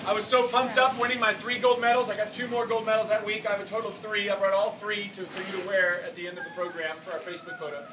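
A man in his forties giving an earnest, animated motivational talk to children as a swim clinic coach, dropping soft and then bursting loud, in a large indoor pool hall. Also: high voice. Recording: echoey, distant, noisy hall.

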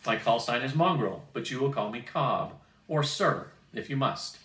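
A man doing a gruff, barking flight captain. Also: medium pitch, lively intonation, moderate pace, fairly bright tone, lightly acted. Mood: stern. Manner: curt, barking commands. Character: gruff older male flight instructor, stern captain. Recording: roomy, distant mic.

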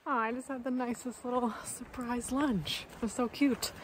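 A woman's voice: a little high, fairly even intonation, normal speed, slight background noise. A young woman from Canada chatting upbeat to her camera outdoors on a hiking trail, telling a story with lots of fillers. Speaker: hiker vlogger. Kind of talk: casual chat to camera.

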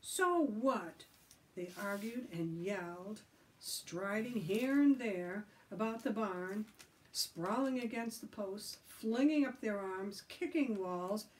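Slow-reading woman narrator. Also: medium pitch. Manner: slow, steady storytelling. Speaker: library story reader. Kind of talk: reading a chapter book aloud. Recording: voice from a distant mic.

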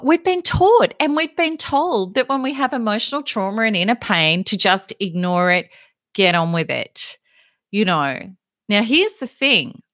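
A woman's voice: a little high, a bit bright, no echo, clean studio sound. A woman giving a live, earnest self-help talk. She speaks emphatically and leans on analogies to make her points.

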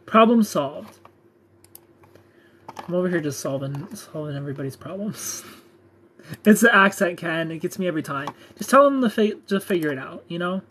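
A man's voice: on the high side, animated, moderate pace, pauses often, a bit bright, slight background noise. A young man hosting a live stream, joking casually and reading out viewer comments.

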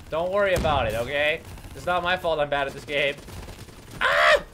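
A man's voice: on the high side, animated, moderate pace, background noise. A man doing let's play commentary, swearing and complaining at the game as he plays. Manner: profane, exasperated, yelling at the game. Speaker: gaming YouTuber.

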